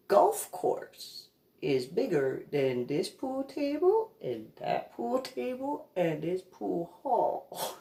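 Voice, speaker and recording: A woman's voice: deep voice, darkish tone, roomy sound. A woman telling a comedic story in a sarcastic, giggly, mock-patient manner. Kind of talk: comedic anecdote monologue.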